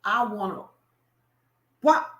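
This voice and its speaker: A woman pastor giving a lively, colloquial sermon-style talk, speaking straight to her listeners. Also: mid-range voice, slow, echoey room. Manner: animated, colloquial, addresses the crowd directly.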